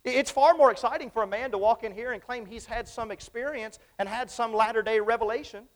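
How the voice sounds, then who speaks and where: A man's voice: extremely high pitch, quick pace. A man preaching a sermon to his congregation in church, emphatic and repetitive, often asking them questions. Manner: emphatic, repeats phrases, asks the congregation questions.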